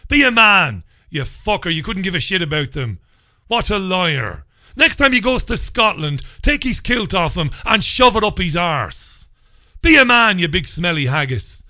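A male radio talk show host giving crude, mocking commentary with loud bursts. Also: sits high, very animated, moderate pace, dry recording, clean studio sound. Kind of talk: ranting commentary.

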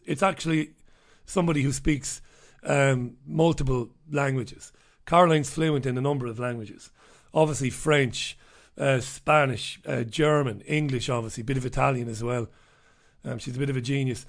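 A middle-aged man hosting a radio show, chatting casually and bluntly as he reads out listener messages. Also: mid-range voice.

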